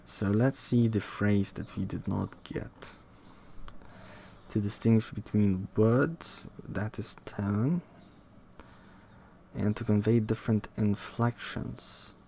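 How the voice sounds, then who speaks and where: Gravelly low-voiced man reading aloud. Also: steady tone, a little mellow, slight background noise. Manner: halting reading with restarts and muttered asides. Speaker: reader studying a textbook. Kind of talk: reading a textbook aloud with asides.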